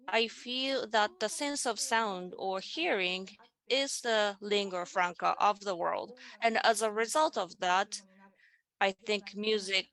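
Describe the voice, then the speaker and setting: Her voice is medium in pitch, creaky, and fairly bright. In an online panel presentation over video call, the woman explains concepts one step at a time and guides the audience through simple exercises.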